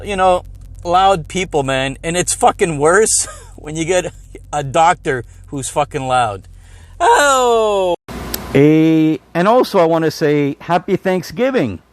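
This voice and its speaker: A man hosting a podcast, ranting in an exasperated, profane way and laughing now and then. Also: sits high. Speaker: podcast host. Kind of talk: solo comedic rant.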